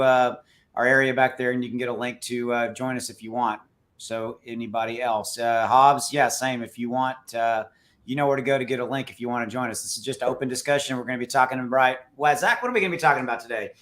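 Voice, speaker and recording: Bright-voiced joking livestream host, a man. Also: medium pitch, fairly even intonation, fairly quick. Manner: loose, joking, filler-heavy. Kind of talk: casual live crypto chat.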